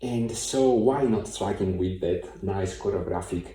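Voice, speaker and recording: A man giving a piano tutorial in a thoughtful, hesitant way, with many pauses and fillers, recorded from a distance in a room with a piano. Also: low voice, mellow, slight background noise. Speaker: piano teacher. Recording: very echoey room, mic far off. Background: piano playing.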